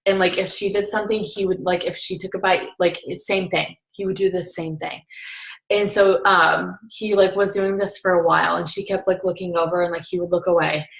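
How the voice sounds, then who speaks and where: A woman's voice: on the low side, little pitch movement, fairly quick, creaky. A young woman recapping a seminar in casual chat, earnest and coaching, filling her talk with "like". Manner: chatty, heavy use of filler "like". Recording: echoey room.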